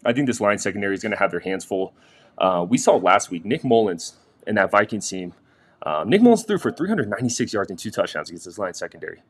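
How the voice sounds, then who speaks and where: A young man hosting a casual sports betting picks vlog from a quiet room in a busy house, chatty and talking straight to viewers. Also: lowish voice, very animated, fast talker, slightly rough. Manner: chatty, restarts sentences, addresses viewers directly.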